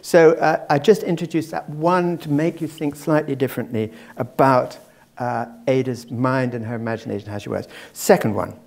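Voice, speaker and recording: A man's voice: medium pitch, fairly even intonation, moderate pace, creaky, darkish tone. Man, public lecture, wry asides, mid-range voice, talking to an audience. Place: lecture before a live audience.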